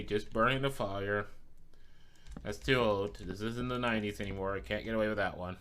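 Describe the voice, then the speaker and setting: A man's voice: lowish voice, fairly even intonation, fairly quick, a bit bright. A male streamer chatting casually while he plays, teasing his chat playfully and swearing freely.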